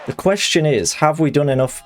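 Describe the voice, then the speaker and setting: A man chatting excitably and jokily while streaming a fighting game live. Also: medium pitch, moderate pace, faint music behind. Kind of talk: live gaming commentary.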